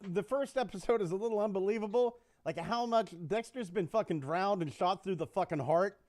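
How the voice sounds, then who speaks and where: A male podcast host telling stories in casual chat, animated and swearing often. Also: sits high, brisk.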